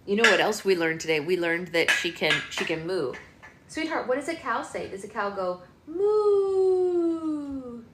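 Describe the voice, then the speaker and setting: Relaxed woman host reading a story aloud live on her phone, with playful baby talk. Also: lowish voice, a little fast, background noise.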